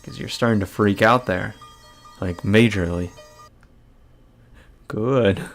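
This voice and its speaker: A man with a low, gravelly voice giving casual, blunt let's-play commentary, swearing freely. Faint music plays behind him. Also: slow pace. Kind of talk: casual commentary on a visual novel.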